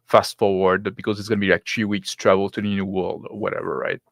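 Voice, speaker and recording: A man who is not a native English speaker, a game master and host, talking casually in a halting way with many restarts and slips in grammar. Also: low voice, level tone, creaky, no echo, studio quality. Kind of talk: casual discussion.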